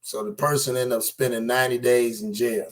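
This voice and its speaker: A man's voice: medium pitch, steady tone, a little fast, a crowd in the background. A man giving casual, skeptical commentary on news clips, talking straight to his viewers.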